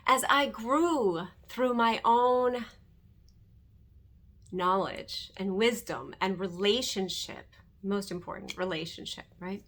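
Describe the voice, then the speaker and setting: A middle-aged woman, acting as host, talks slowly and earnestly about her faith and her fear in a mid-range, fairly bright voice. Her personal testimony keeps checking in with listeners through a repeated "right?".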